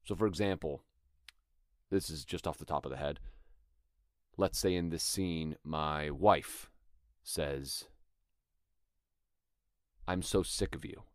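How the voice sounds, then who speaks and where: Very deep-voiced man teaching acting. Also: slow, long pauses, dry recording, studio quality. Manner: thoughtful, conversational, demonstrates lines aloud. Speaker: acting coach podcast host. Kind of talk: instructional talk.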